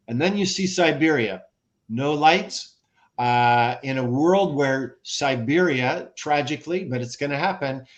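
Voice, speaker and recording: American man, podcast guest, animated explainer, restarts often, video-call sound. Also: on the high side. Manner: animated, rhetorical questions, frequent restarts. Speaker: guest, former ambassador. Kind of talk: conversational expert commentary.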